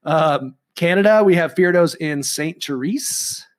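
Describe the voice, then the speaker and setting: A man's voice: fairly high pitch, a little slow. A man co-hosting a casual podcast, rambling and chatty with lots of ums and restarts. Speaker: podcast co-host.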